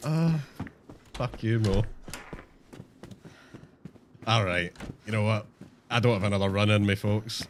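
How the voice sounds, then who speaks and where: A man's voice: fairly low pitch, a little slow, long pauses, background noise. A man streaming a game, chatting casually and self-mockingly to viewers, swearing often. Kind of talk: casual live-stream chat.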